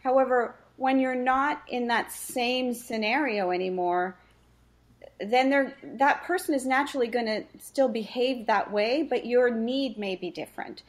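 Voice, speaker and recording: A woman's voice: on the high side, a little slow. Earnest woman coach explaining. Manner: earnest, explanatory, tells client stories. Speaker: face reading practitioner and coach. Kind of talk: conversational podcast interview.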